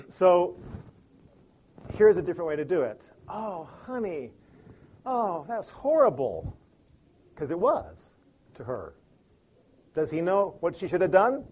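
A man from Chicago giving an animated motivational talk on communication, acting out examples with big swings in pace and loudness. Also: a little high, measured pace, long pauses, husky, lo-fi sound. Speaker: speaker on communication.

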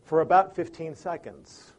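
A man from Chicago giving an animated motivational talk on communication, acting out examples with big swings in pace and loudness. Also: fairly high pitch, moderate pace. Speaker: speaker on communication.

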